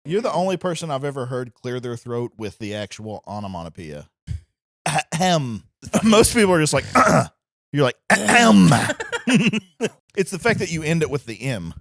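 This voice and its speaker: A man's voice: mid-range voice, sing-song, dry recording, clean studio sound. A man co-hosting a casual comedy podcast, teasing his friend and laughing a lot. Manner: giggly, teasing, quick ribbing. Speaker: podcast co-host.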